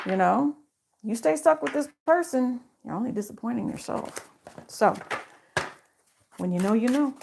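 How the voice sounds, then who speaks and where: Woman, tarot reader, casual slangy chat to camera, medium pitch. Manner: chatty, slangy, talks straight to viewers.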